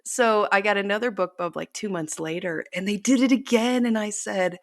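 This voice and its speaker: A woman's voice: mid-range voice, moderate pace, few pauses, no echo, clean studio sound. A middle-aged woman author telling stories in a casual interview, chatty and self-deprecating, laughing often. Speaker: author guest.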